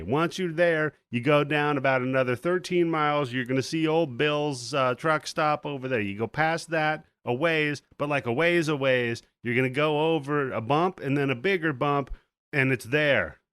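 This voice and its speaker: A man voicing a menacing alien skull hologram that turns into a loud, folksy, rambling giver of directions. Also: on the high side, moderate pace, clear, resonant tone, no room sound, natural voice. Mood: bossy.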